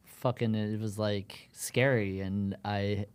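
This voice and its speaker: Earnest low-voiced man on a podcast. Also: steady tone, slow pace, clean tone. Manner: earnest, swears, jokes in dark sarcasm. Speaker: podcast co-host. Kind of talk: casual chat.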